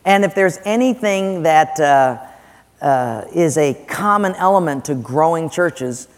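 A male pastor preaching in a large church, chatty and quick to joke as he questions his listeners. His voice sits a bit high for a man. A long reverb trails off every phrase. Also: animated. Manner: conversational, questioning the congregation, joking. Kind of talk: sermon.

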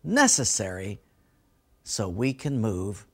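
A man's voice: fairly low pitch, sing-song, takes it slowly. A man preaching a sermon as a pastor, telling folksy stories and laughing at his own jokes.

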